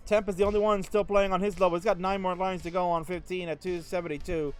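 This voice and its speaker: A man's voice: high-pitched, flat delivery, quick pace, hardly any pauses. Joking male esports commentator, faint music. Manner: playful, joking, rambling play-by-play.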